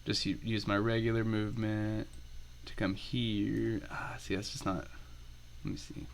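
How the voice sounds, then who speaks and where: A man's voice: fairly low pitch, little pitch movement, measured pace, vocal fry, a little hiss or hum. A man playing in an online tabletop game, thinking aloud hesitantly with restarts and fillers. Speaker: player. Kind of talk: casual tabletop game chat.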